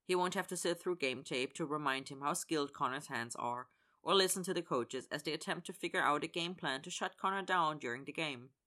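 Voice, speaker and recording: Storyteller with a bright, sharp tone who voices the characters' lines. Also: mid-range voice, fairly quick. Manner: acts out characters' lines in dialogue. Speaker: narrator. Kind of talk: fan fiction audiobook reading.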